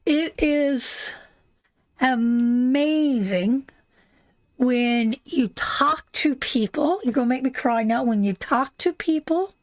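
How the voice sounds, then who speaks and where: Hosting a live tarot reading, a high-pitched woman talks slowly and warmly to her viewers, calling them sweetheart and my darling. She hammers her points home by repeating phrases again and again. The recording is dry.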